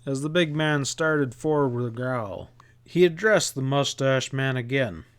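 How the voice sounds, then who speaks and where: A male audiobook narrator reading at an unhurried, slow pace. His tone is smooth and resonant, and each line comes out steady and measured. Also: mid-range voice.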